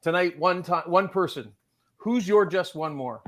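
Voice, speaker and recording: A man's voice: high-pitched, measured pace, slight background noise. A man in a casual panel chat, talking in an upbeat, motivational way and urging listeners to reach out to others.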